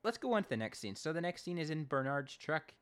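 A man co-hosting a casual recap podcast, jokey and animated, often acting out lines. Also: on the high side, fast talker, clean tone. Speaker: podcast co-host.

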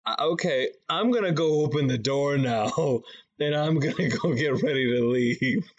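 A man's voice: on the high side, moderate pace. Male player, hesitant delivery, dull lo-fi mic. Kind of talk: playing a tabletop game in character.

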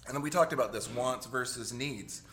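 A middle-aged pastor gives a casual, joking sermon, often turning to the congregation with "right?" to get them to agree. His voice is medium-pitched and fairly bright, delivered at a normal speed in a conversational way.

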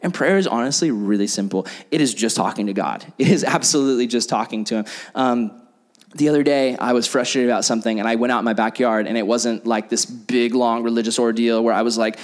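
A man's voice: mid-range voice, fast talker. A young man giving a casual, chatty sermon, full of fillers and playful acted-out prayers. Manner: chatty, filler-heavy, acts out prayers in silly voices. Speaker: preacher.

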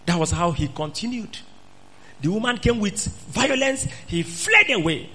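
A man's voice: sits high, animated, a little slow, sharp tone, slightly rough. A man preaching an emphatic sermon, repeating phrases and questioning the congregation. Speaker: pastor.

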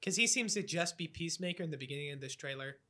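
A man hosting a casual podcast chat, animated and excitable with a lot of swearing. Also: on the high side, rapid-fire. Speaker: podcast host.

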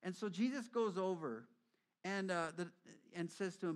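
A middle-aged man preaching a sermon as a pastor, telling stories lively and acting out quoted voices. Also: high voice, fairly quick.

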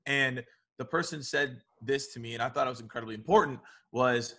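Male interview guest, energetic and animated storyteller, bright tone. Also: mid-range voice, fairly quick. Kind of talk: conversational interview.

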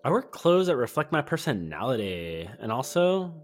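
A man's voice: medium pitch, sing-song, moderate pace, faint music behind, natural voice. A man putting on a mock girlish voice for a brash, hard-drinking young woman bartender in a casual podcast bit. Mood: flippant. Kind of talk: podcast comedic impression.

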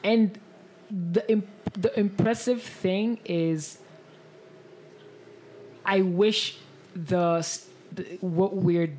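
A woman's voice: medium pitch, steady tone, very slow, warm tone, a little hiss or hum. A woman co-hosting a podcast in casual chat, laughing often and shrieking when amused. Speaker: podcast co-host.

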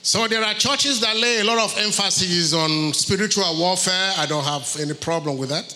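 A man preaches a sermon to his congregation, driving points home through repetition. His voice sits high and sounds bright and forceful. The recording carries a long reverb from the church hall. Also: normal speed. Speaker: pastor.

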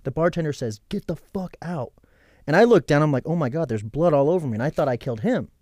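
A man's voice: a little high, very fast, no echo, studio quality. Swearing man telling a wild story. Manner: animated, swearing, acts out quoted lines. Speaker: podcast guest. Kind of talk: casual storytelling.

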